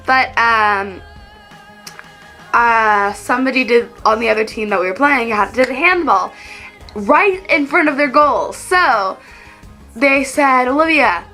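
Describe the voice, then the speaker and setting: A woman's voice: a little high, lively intonation, takes it slowly, long pauses, bright, forceful tone, soft background music. A teenage girl from Texas chatting to the camera, telling childhood stories in a chatty, giggly way and acting out what she said as a kid. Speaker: vlogger. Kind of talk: casual storytelling to camera.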